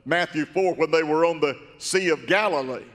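A man with a high-pitched voice delivers a fervent, storytelling sermon that swells into emphatic shouts. His voice rings out with long reverb through a large church sanctuary. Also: moderate pace. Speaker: preacher.

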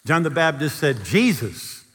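A male preacher tells a story in a sermon with a lively voice that swings widely in pitch, at times rising to near-shouting. His voice is somewhat high for a man and has a husky edge. It rings out with a long reverb, as if recorded in a big hall. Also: moderate pace.

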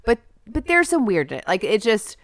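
A woman co-hosting a casual podcast, talking in an animated way with quick asides. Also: medium pitch, dry recording, clean studio sound. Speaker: podcast co-host. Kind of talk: casual chat.

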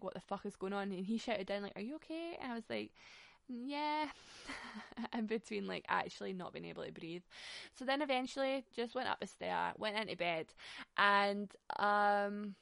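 A young woman tells a story in a loose, chatty monologue, swearing freely and laughing often. Her voice has a gravelly, creaky edge. The sound is close and dry, with no room echo. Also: mid-range voice, a bit bright.

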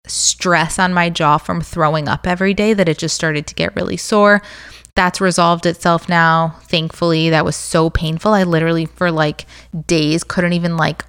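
Young female podcast host, lowish voice, candid chatty delivery with lots of fillers. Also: a bit bright, smooth, no room sound, studio quality. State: pregnant. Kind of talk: casual chat.

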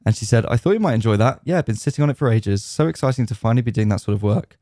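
A man's voice: mid-range voice, expressive, very fast, mellow, no room sound, clean studio sound. A man co-hosting a gaming podcast, talking casually and relaying news and stories with fillers. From United Kingdom. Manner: talks at length, relays news and anecdotes with fillers. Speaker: podcast co-host. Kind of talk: casual chat.

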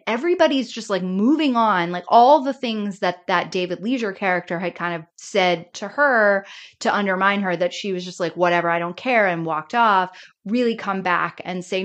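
A woman's voice: mid-range voice, normal speed. Chatty woman co-hosting a podcast. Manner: animated, laughs often, quotes characters. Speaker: podcast co-host. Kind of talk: casual chat.

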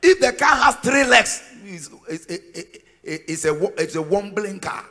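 A man preaching a sermon as pastor, emphatic and sing-song, rising to shouted peaks. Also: sits high, lively intonation, measured pace. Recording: long reverb of a large hall.

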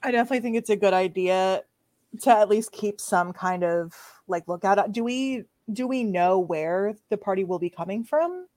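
A woman's voice: mid-range voice, moderate pace, a little mellow, no room sound. A woman playing a tabletop game, chatting in a playful, giggly way. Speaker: player. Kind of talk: casual chat in a tabletop game.

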